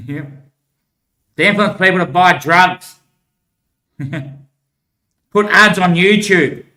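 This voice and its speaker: A man's voice: high-pitched, bright, forceful tone. A man talking in a long rambling monologue, laughing between thoughts. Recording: echoey room.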